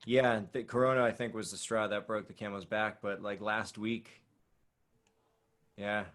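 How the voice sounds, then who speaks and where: Bright-voiced, rambling young man. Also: on the low side, a little slow. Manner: relaxed, rambling, swears casually. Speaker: guest, breath coach. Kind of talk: casual chat.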